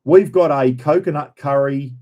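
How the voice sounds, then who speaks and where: This livestream host, a middle-aged Australian, rambles through a casual chat, reading and greeting viewers by name, repeating himself and dropping "everyone" and "bloody." He speaks at normal speed in a warm, mid-range voice, and the highs are cut off.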